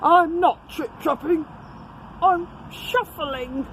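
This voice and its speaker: A woman's voice: high-pitched, expressive, takes it slowly, noisy background, pitched above the performer's own voice. A woman voicing a nervous, meek male troll in a very small, shaky voice. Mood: timid.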